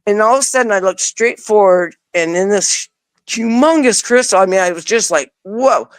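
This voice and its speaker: A woman guest recounts a personal experience in plain, casual speech, slipping into lively re-enactments of what she said at the time. Her voice sits at a middling pitch, and the sound is dry and close. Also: normal speed, no echo. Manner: animated, acts out her own past words; casual, informal wording. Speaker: interview guest. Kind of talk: personal storytelling.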